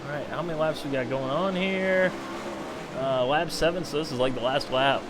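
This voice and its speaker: A man's voice: a little high, normal speed, very noisy. Rambling self-mocking Midwestern streamer guy. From American Midwest. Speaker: streamer playing a racing sim. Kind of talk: casual live-stream chat.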